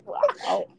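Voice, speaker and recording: A woman's voice: mellow, dry recording. A woman hosting a podcast, chatting casually, asking her guest questions and laughing often. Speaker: podcast host. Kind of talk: casual interview chat.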